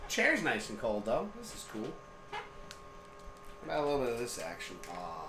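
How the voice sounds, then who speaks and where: A man's voice: medium pitch, huge pitch swings, a little fast, noisy background. A man in his thirties hosting a casual sports live stream from home, joking and swearing as he chats. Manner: joking, profane, chatty. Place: home room. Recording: echoey room.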